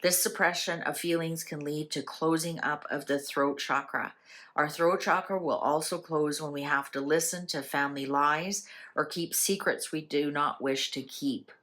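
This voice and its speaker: Woman, low-pitched voice, casual spiritual talk, conversational, rhetorical questions. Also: steady tone, moderate pace, fairly bright tone. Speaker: channel host.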